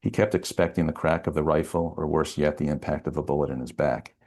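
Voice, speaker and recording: Very deep, gravelly male author reading. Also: steady tone, fast, a little mellow. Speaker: novelist. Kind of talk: author reading his own novel aloud.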